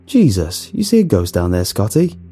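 A man's voice: lowish voice, wildly swooping pitch, normal speed, dark tone, slightly rough, soft background music, full character voice. A man voicing a joking, stoner male sewer worker in a story reading, casual and teasing.

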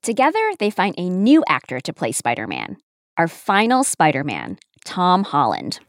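A woman giving scripted podcast narration in a polished, expressive storytelling manner. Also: on the low side, normal speed, no room sound, studio quality.

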